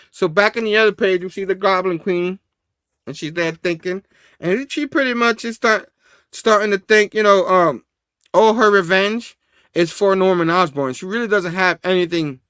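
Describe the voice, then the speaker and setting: A man's voice: high voice, normal speed, a bit bright, clean tone, no echo, clean studio sound. Chuckling man rambling a comic recap. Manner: chuckling, rambling, says "you know what I mean". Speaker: host. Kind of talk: casual comic book review.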